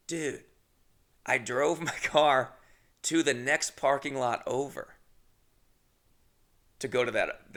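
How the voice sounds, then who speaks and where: Gravelly young guy telling a rambling story. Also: medium pitch, sharp tone. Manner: rambling, swears a lot, laughs at himself. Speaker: podcast host. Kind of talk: casual comedic storytelling.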